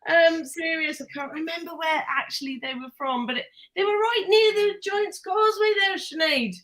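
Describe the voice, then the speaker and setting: High, bright woman. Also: moderate pace. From West Wales. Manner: teasing, laughs often. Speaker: panel member. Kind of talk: casual chat.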